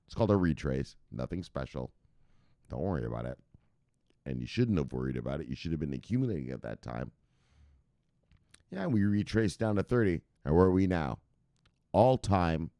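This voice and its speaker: Deep voiced guy ranting about crypto from home, swears a lot, voice jumps all over, dry close mic. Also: vocal fry, no echo. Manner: profane, shouts "bang" at viewers' names, laughs often. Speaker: crypto news host. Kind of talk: casual livestream rant.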